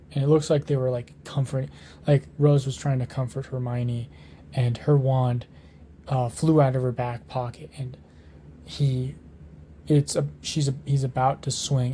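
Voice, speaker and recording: A man's voice: mid-range voice, dark tone, a little hiss or hum. Rambling man telling a fan story. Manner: rambling, with many fillers, restarts and swearing. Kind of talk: improvised fan story retelling.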